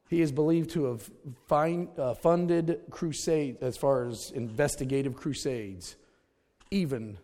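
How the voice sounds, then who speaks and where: A man's voice: mid-range voice, mellow, big-room sound. A man preaching a sermon, emphatic, repeating his key words and calling his listeners folks.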